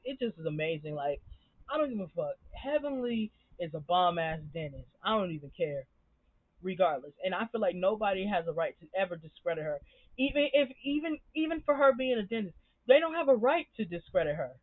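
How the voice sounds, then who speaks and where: A woman's voice: medium pitch, sing-song, brisk, no room sound. A young woman giving an impassioned, emphatic commentary rant as a show reviewer, frustrated and swearing freely. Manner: emphatic, frustrated, heavy profanity. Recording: tinny phone-like dry sound.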